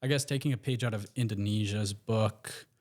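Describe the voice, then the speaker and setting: Low-voiced relaxed American man. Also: moderate pace. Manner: relaxed, rambling, many fillers and restarts. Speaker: podcast guest. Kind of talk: casual interview storytelling.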